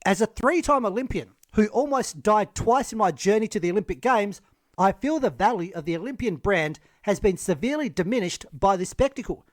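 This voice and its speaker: A man giving measured, critical scripted narration in a commentary video. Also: high voice, animated, dry recording, studio quality.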